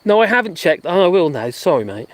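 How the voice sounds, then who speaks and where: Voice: mid-range voice, very animated, fast. A live-stream host, chatting in a rambling way from a garden and laughing often. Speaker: livestream host. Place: outdoors in a garden.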